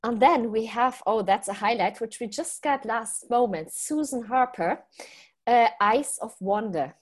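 Orderly woman with a higher voice. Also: measured pace. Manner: orderly, walking through a schedule. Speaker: conference co-host. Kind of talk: casual chat.

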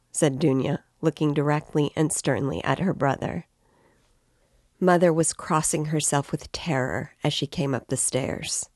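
A woman reading a novel aloud in a measured, even way, as the show's guide, on a close mic. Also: sits low, dry recording. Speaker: reader and guide.

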